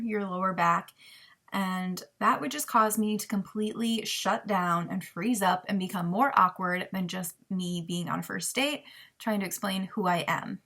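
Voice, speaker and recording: A woman's voice: mid-range voice, creaky, a bit bright. A young woman vlogging personal advice in a candid, emotional way, often laughing and saying "um" between thoughts. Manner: candid and emotional, laughing through tears, frequent ums.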